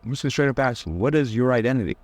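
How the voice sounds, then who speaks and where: A man's voice: mid-range voice, expressive, racing, darkish tone, no echo. A young man giving a casual, blunt dating-advice lecture, teasing his listeners and mocking them in whiny put-on voices.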